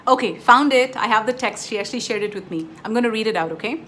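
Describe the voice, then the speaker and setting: A woman gives a casual spiritual teaching, telling stories emphatically and speaking straight to her viewers, whom she calls "you guys." Her voice sits on the high side with a fairly bright tone, she talks quickly, and there's a little hiss or hum in the audio.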